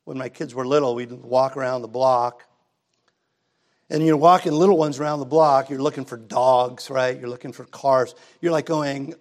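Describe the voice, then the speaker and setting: In a church sanctuary, a middle-aged pastor delivers a sermon to his congregation in a voice of ordinary male pitch at normal speed. His preaching is relaxed and conversational, building into emphatic passages.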